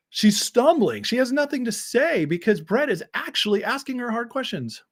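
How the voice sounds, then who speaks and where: A man's voice: very high voice, big pitch swings, normal speed, hardly any pauses, dry recording, studio quality. An American man hosting a live stream, reacting to clips and the chat with laughing, sarcastic commentary. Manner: mocking, laughing, sarcastic asides. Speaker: streamer host.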